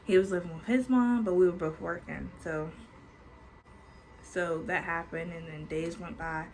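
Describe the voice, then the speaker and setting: Her voice is lowish and darkish, with a steady tone and moderate pace. This twenty-something storytime vlogger chats her way through a personal story for her audience, cursing freely and saying "like" constantly. The low-quality recording carries a little hiss or hum.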